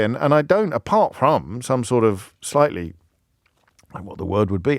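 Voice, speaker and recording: A man hosting a live radio phone-in, animated and wry, often restarting his sentences. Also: medium pitch, dry recording, clean studio sound. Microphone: studio microphone.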